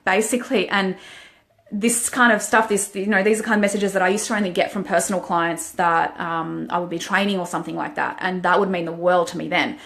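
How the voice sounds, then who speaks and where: A woman's voice: fairly low pitch, fairly even intonation, fairly quick, fairly bright tone. A woman, a life coach, talking frankly and emotionally to viewers in a motivational live-stream monologue.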